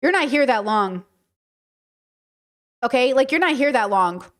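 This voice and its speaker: High-voiced woman chatting frankly. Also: lively intonation, measured pace, fairly bright tone. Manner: chatty, frank, checks in with listeners. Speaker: podcast host answering chat. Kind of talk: casual livestream talk.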